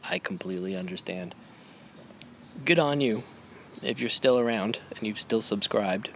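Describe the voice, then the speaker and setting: Male vlogger, 30s, low voice, tipsy rambling homebrew chat, faint room noise. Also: moderate pace.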